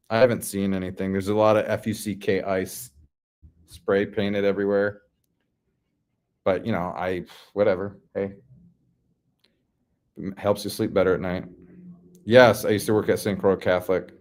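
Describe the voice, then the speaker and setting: Casual livestream host, man from the Midwest, lowish voice, slangy and relaxed. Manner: laid-back, slangy, reads chat comments aloud. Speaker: livestream host answering chat.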